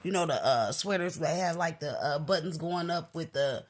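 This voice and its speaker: A married woman with a scratchy voice tells a personal story in a casual vlog, jumping up high in pitch when she quotes herself. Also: moderate pace. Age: adult, married. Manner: animated, jumps up high when quoting herself. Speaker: vlogger.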